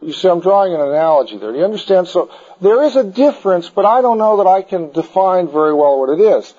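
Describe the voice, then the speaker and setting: A man's voice: high-pitched, very animated, fast, dark tone. A man teaching a group about the Bible in an informal, digressive style, full of anecdotes, in a dull lo-fi recording.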